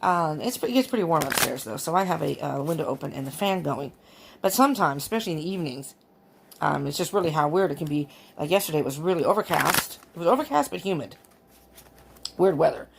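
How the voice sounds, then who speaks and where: Rambly woman doing a tarot read at home, lowish voice, fan humming faintly behind. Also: animated, quick pace, gravelly. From California. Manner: rambling, chatty, laughs often. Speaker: tarot reader. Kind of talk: casual chatty tarot reading. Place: upstairs room at home with fan going. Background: faint fan noise.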